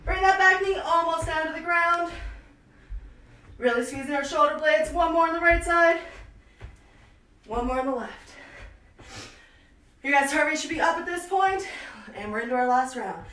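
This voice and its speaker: A young woman with a high, bright-pitched voice coaches a home workout while out of breath, counting reps with upbeat energy. She stands back from the camera in a small, echoey room. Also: moderate pace, pauses often. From Canada. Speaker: fitness instructor. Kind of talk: live online workout class. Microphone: camera at a distance. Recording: echoey room, voice far from mic.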